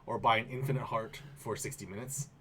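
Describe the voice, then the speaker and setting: A man's voice: mid-range voice, fairly quick, fairly bright tone, a little hiss or hum. A man co-hosting a casual games podcast, joking around and laughing. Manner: jokey, laughs, playful asides. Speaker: podcast co-host. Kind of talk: casual chat about games.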